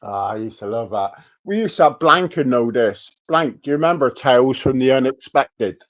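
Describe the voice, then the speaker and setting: A man's voice: medium pitch, moderate pace, muffled recording. A man, chatting casually as co-host and telling swear-laden stories, acting out his family's voices. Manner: profane storyteller, animated quoting of family. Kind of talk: casual chat.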